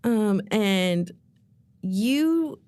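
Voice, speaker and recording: A woman's voice: medium pitch, animated, very slow, darkish tone, no echo. A young woman from Oklahoma, a singer, chatting casually as a podcast guest with wry, sarcastic humor. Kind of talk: casual interview chat.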